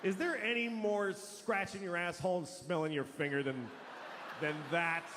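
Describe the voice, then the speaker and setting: A man's voice: sits high, normal speed. A man doing a stand-up comedy set, swearing freely and acting out the voices of the people in his stories. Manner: profane, acts out quoted voices. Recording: long hall reverb, faint noise.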